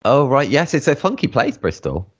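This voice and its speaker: A man's voice: mid-range voice, huge pitch swings, normal speed. A man hosting a podcast from England, a wedding photographer ad-libbing in a casual, rambling way with lots of fillers. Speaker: podcast host.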